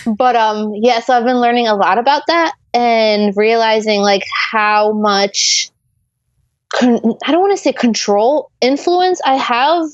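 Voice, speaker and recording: A woman's voice: on the high side, unhurried, no room sound, dull audio. A young woman from Poland, a guest on an interview, chatting in an upbeat, bubbly way with many fillers. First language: Polish. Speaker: guest, intuitive artist. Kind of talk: casual interview chat.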